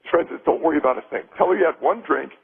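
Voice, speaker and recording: A man's voice: on the high side, racing, gravelly, breathy edge, exaggerated voice. A man in character as a brash, self-promoting daredevil showman, bantering and telling jokes on a radio show. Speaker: comedian guest. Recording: muffled radio broadcast.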